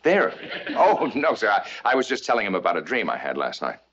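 An actor playing an earnest young military officer who talks sincerely and gets flustered, stammering at times. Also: male voice, on the low side, wildly swooping pitch, quick pace, a bit bright, highs cut off, slight background noise. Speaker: astronaut, army major.

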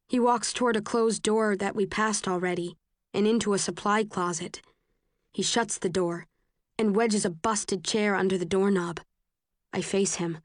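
A woman's voice: mid-range voice, no room sound, studio quality. Woman reading a novel aloud. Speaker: audiobook narrator. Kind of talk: first-person novel narration.

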